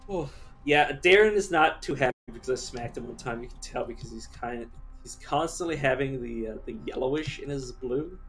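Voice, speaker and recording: A man's voice: medium pitch, fairly quick, a bit bright, faint music behind. Chatty man streaming a game. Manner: chatty, rambling, swears casually. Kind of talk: casual gameplay commentary.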